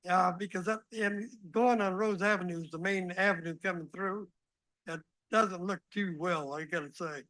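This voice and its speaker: Man, property manager, high bright voice, halting with many fillers, dry sound. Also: fairly even intonation, no echo, rough recording. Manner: halting, filler-heavy request. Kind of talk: public comment at a council meeting.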